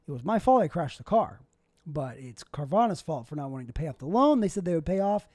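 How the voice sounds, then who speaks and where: Young male comic hosting a solo podcast, rambling and self-deprecating, mellow tone, dry close sound. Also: fairly high pitch, big pitch swings, a little fast, no room sound. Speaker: podcast host and stand-up comic. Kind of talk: casual solo podcast monologue.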